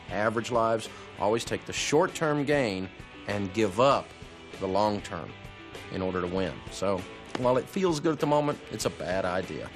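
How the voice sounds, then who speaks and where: A man speaks in a low, earnest voice, laying out his advice in a plain and measured way. The tone stays steady and sincere. Soft guitar music plays faintly behind him. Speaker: speaker giving money advice.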